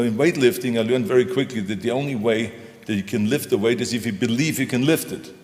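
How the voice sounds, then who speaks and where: A man's voice: medium pitch, a little mellow. An older man, a former governor, speaking as the guest in an onstage conversation, emphatic and folksy, hammering home short punchy phrases. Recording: echoey hall.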